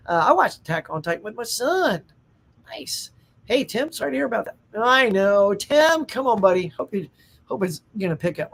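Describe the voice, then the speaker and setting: Chatty high-voiced middle-aged man. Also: gravelly, fairly bright tone. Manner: chatty, enthusiastic, laughs often. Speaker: host. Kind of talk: casual live-stream chat reading viewer comments.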